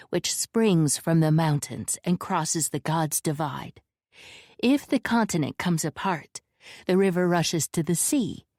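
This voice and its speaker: A woman's voice: lowish voice, darkish tone, no room sound, clean studio sound, natural voice. A woman playing a cold, cutting noblewoman. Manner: cool, lecturing, cutting.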